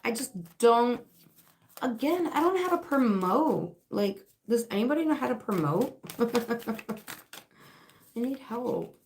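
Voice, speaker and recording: A woman's voice: a little high, animated, takes it slowly, pauses often. A woman with a sore, dry throat, hosting a casual livestream as a spiritual reader and shop owner, chatting in a rambling way with lots of fillers and laughs.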